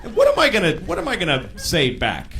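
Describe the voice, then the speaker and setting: A man doing a stand-up comedy routine on a club stage, animated and sometimes shouting. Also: fairly high pitch, fairly quick. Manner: animated, bursts into shouted impressions. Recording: live club with crowd laughter and noise. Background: audience laughing.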